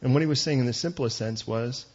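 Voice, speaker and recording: Husky pastor man, joking sermon asides. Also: medium pitch, a little mellow, muffled recording. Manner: conversational, joking asides, quick digressions.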